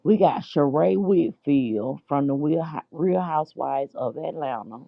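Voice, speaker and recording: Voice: mid-range voice, expressive, unhurried, creaky, no room sound. A podcast host from the United States chatting casually and dishing reality-show gossip, calling listeners "child" and "honey.". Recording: dry, tinny phone-like line.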